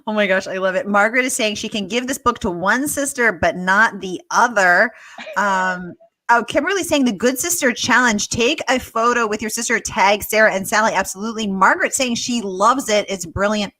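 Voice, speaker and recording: Chatty American woman host, bright tone, laughs a lot while relaying comments. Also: mid-range voice, normal speed, dry recording. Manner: chatty, reads audience comments aloud, laughs often. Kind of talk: live online book interview.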